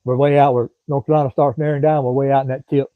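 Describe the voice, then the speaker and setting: A middle-aged Southern-accented man from Florida hosts a livestream, talking very fast at a medium pitch in a level tone. He rambles in a folksy drawl, chatting casually and answering commenters by name. The recording is dry, with no room sound and a thin, phone-like quality.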